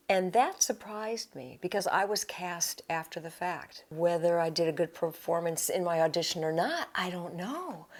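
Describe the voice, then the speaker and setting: A woman voice actress recalling her casting in a wry, candid manner during a retrospective interview. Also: on the low side.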